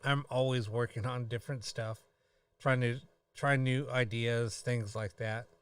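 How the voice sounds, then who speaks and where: A tired man hosting a live stream, chatting casually in a halting way with many pauses and fillers. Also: mid-range voice, fairly even intonation, clean tone, no echo, recorded from a distance. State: tired, yawning.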